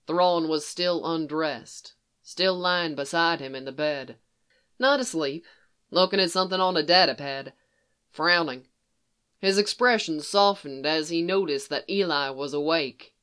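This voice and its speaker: A narrator reading fan fiction aloud in a slow, even, unhurried way. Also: medium pitch, smooth. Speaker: audiobook narrator.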